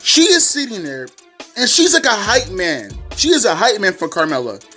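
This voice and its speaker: A man ranting and mocking loudly in a profane reaction commentary. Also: high voice, moderate pace, faint music behind. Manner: loud, profane, mocking and animated. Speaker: reaction video creator.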